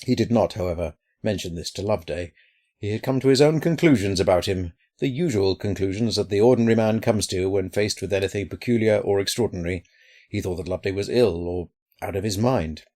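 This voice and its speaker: A man narrating a horror story in a measured, even way. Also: sits low. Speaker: story reader.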